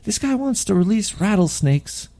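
Gravelly, paranoid-sounding male show host. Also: high voice, very animated, moderate pace, dark tone. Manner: profane, stammering, paranoid. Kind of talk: rambling conspiratorial monologue.

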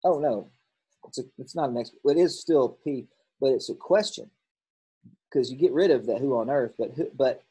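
Guy reviewing grammar homework out loud, mellow kinda breathy voice, stops and fixes himself a lot. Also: mid-range voice, moderate pace, poor audio. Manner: thinks aloud, corrects himself. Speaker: teacher.

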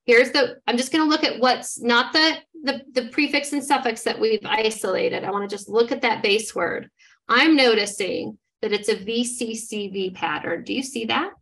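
A woman's voice: fairly high pitch, normal speed, fairly bright tone. A woman giving an instructional demonstration as a literacy trainer, modeling how to decode words step by step in an encouraging way.

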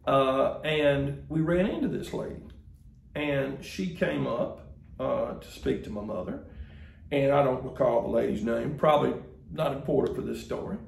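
A man's voice: medium pitch, expressive, normal speed, vocal fry, a little mellow, reverberant. A man, preaching a sermon as the pastor in a folksy, conversational storytelling way. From Mississippi, US.

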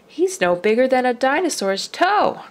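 A woman voicing an excitable father dinosaur in a storybook, speaking loudly and emphatically. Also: mid-range voice, normal speed, a little hiss or hum, close to an everyday voice. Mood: proud. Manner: loud, raised and emphatic.

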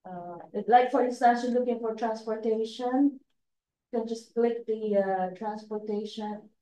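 A slow, halting woman with a non-native accent walks a group through a training presentation. Her voice is dark and mellow, and it comes from a distance in an echoey room. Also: fairly high pitch. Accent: non-native English accent. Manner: halting, many fillers and restarts, laughs often. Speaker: state education staff trainer.

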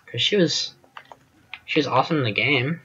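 Bright-voiced man rambling over gameplay. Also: mid-range voice, normal speed, lo-fi sound, slight background noise. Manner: rambling, chatty, self-deprecating, trails off with fillers. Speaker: gaming channel host. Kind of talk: casual gameplay commentary.

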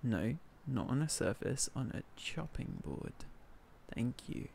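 A man's voice: mid-range voice, very animated, takes it slowly, creaky, darkish tone, slight background noise. A man from northern England streaming a cooking game, chatting casually, thanking viewers by name and joking about himself. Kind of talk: casual live-stream chat.

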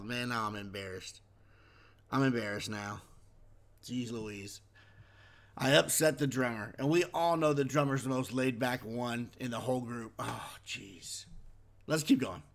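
A man's voice: mid-range voice, expressive, a little slow. A man chatting casually as he reacts to a concert video, wondering aloud and easily impressed.

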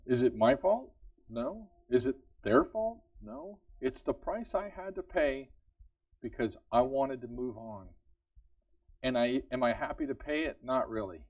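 A man's voice: mid-range voice, lively intonation, a little slow, a little mellow, no echo. Earnest male preacher, slightly distant mic. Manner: earnest, conversational, asks the congregation repeated questions; laughs lightly between points. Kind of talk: sermon. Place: church service.

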